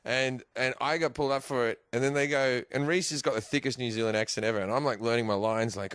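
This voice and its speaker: A man's voice: mid-range voice, quick pace, fairly bright tone, dry recording, clean studio sound. An Australian man, a guest comedian, telling rambling stories in casual podcast chat, swearing and laughing often.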